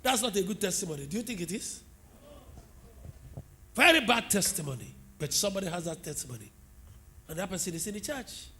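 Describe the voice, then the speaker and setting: High, bright-voiced Nigerian preacher. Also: male voice, a little fast, long pauses, slight background noise. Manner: animated storytelling preacher, asks the congregation questions. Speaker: pastor. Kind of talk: sermon.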